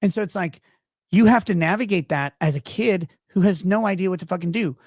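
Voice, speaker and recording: A man's voice: sits high, a little fast, darkish tone, no room sound, clean studio sound. A man in his forties from Houston, a podcast guest telling a rambling, profane story in casual chat. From Houston, Texas.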